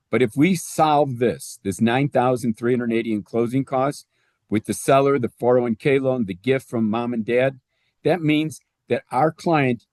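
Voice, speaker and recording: A man's voice: mid-range voice, a little mellow, no room sound, studio quality. A man explaining home loan math step by step in a conversational teaching style. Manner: conversational, walks through numbers step by step. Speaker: real estate presenter.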